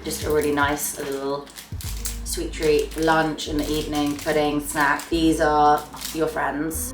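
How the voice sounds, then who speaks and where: A woman's voice: low voice, a bit bright, recorded from a distance. A young woman chatting to camera about her monthly favourites, gushing and trailing off at the ends of phrases. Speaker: beauty vlogger. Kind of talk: casual chat to camera. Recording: roomy sound, slightly off mic, faint music.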